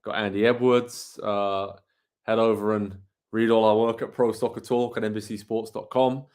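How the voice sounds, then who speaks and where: A man's voice: lowish voice, little pitch movement, normal speed, a little mellow. A man from England co-hosting a live online match watchalong, chatting casually, calling the play and reading out viewer comments. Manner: chatty, reads out viewer comments, calls the action. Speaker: co-host of a live watchalong show.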